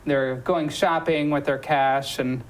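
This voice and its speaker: A woman's voice: low voice, steady tone, slow, low-quality recording. A woman hosting a local talk show, chatting casually with lots of ums and restarts. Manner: chatty, many ums and self-corrections. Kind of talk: casual promotional chat.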